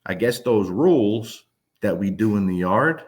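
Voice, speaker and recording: A man voicing his female shepherd dog, musing to itself in a low, everyday voice. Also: lively intonation, measured pace, a little mellow. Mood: puzzled.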